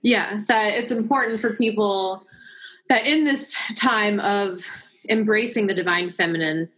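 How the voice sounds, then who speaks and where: A woman's voice: medium pitch, unhurried, fairly bright tone, slightly rough, poor audio. A woman hosting a podcast, speaking casually, affirming her guest and laughing easily. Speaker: podcast host. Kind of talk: casual conversation.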